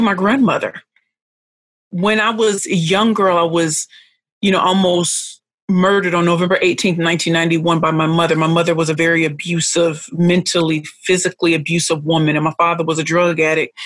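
A woman's voice: fairly low pitch, a bit bright, dry recording. A middle-aged woman, emotional and close to tears, tells her life story as a podcast guest. She leans on repetition and stacked phrases to hammer each point home. The sound is dry and close, with no room around her. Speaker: podcast guest, pitch coach.

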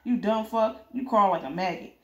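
A woman's voice: mid-range voice, moderate pace, a bit bright, roomy sound, highs cut off, close to an everyday voice. A woman voicing a ruthless male gang boss who talks in sneering, foul-mouthed threats.

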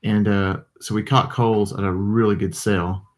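A man's voice: lowish voice, level tone, moderate pace. A man, chatting casually with his livestream viewers and reading their comments, tired and yawning. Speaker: livestream host. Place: home desk with computers.

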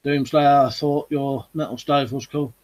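A man's voice: medium pitch, steady tone, unhurried, a little mellow. A man hosting a live chat stream, casually reading out viewer comments and answering them.

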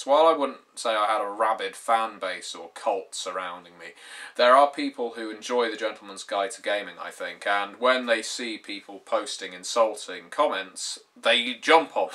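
A man's voice: on the low side, bright, forceful tone. A British man in his twenties hosting his gaming channel, talking to camera in a dry, sardonic way with wry humor. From Britain. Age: 20s. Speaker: YouTube gaming channel host. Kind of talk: casual to-camera talk.

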